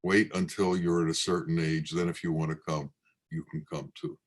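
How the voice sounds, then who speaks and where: A man speaking as a proud king who gives orders in a measured way. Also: extremely low pitch, level tone, pitched below the performer's own voice.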